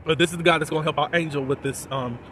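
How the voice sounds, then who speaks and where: A man casually recapping a TV episode in a chatty, chuckling way, softening the swear words as he goes. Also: on the high side, steady tone, rapid-fire, slight background noise, low-quality recording. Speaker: TV episode reviewer.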